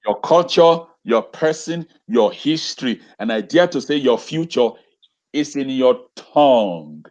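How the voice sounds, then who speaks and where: Heard through dull audio, a male educator gives an impassioned talk as an interview guest on a video call. His mid-range voice is expressive, unhurried and a little mellow, and he repeats phrases and poses rhetorical questions.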